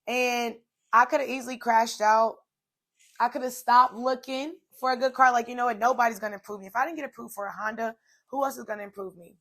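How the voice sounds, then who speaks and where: A woman's voice: on the high side, fairly even intonation, fast, fairly bright tone. A woman in her twenties hosting a solo podcast, telling a personal story in a chatty, casual way with many fillers. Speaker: podcast host.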